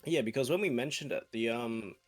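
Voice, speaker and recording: A man's voice: medium pitch, a little fast, faint music behind. An Australian man playing a tabletop game, thinking aloud with hesitant questions. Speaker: player. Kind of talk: casual tabletop game chat.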